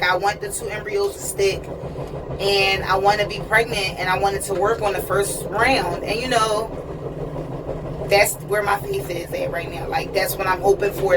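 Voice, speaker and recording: A woman talking in a casual personal vlog on a train, chatty and earnest, often checking in with "you know what I mean". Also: mid-range voice. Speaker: vlogger. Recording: distant mic with train noise.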